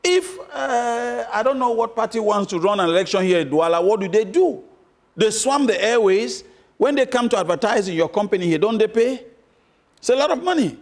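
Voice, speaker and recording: Middle-aged man from Cameroon, high-pitched, emphatic interview guest who hammers points with rhetorical questions. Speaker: political guest. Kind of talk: interview answers.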